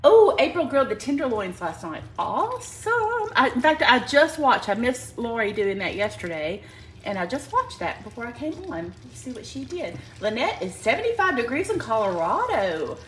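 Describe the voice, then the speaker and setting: Chatty Southern woman with a high voice. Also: big pitch swings, moderate pace, a bit bright, a little hiss or hum, rough recording. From Alabama. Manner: folksy and chatty, greets viewers by name, says y'all a lot. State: allergy-thick throat, clears it often. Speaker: live cooking show host. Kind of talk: chatty live cooking stream. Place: home kitchen at the stove.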